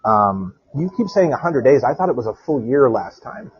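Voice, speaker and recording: A man's voice: medium pitch, big pitch swings, moderate pace, breathy edge, no echo. A man co-hosting a podcast by phone while walking into a bar, rambling and laughing as he tells stories. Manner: rambling storyteller, laughs often. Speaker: podcast co-host. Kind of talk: casual chat. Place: walking outdoors, then inside a quiet bar. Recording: dull lo-fi phone-call audio.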